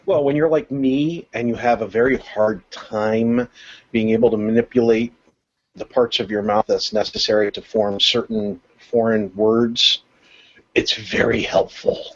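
A man's voice: fairly low pitch, fairly even intonation, a little slow. A man co-hosting a podcast in casual chat, easygoing and laughing at himself. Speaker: podcast co-host. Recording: dull lo-fi podcast audio.

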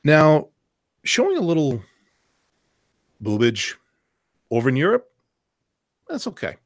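Male podcast host, mid-pitched, rambling and sarcastic, dry close mic. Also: wildly swooping pitch, takes it slowly, no echo. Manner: rambling, emphatic, sarcastic asides. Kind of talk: casual panel discussion.

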